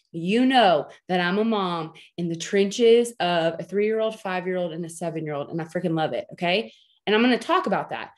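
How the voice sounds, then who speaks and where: A woman in her thirties coaching her team on a video call, chatty and joking, with frequent emphatic "okay?" check-ins. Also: a little high. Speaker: team leader training her sales team. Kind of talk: training talk on a video call.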